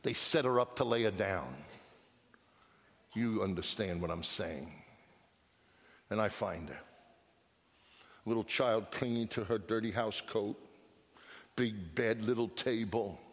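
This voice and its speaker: A man preaching a sermon, telling a story with hushed lines and emphatic outbursts. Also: lowish voice, slow pace, pauses often. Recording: long reverb of a large hall.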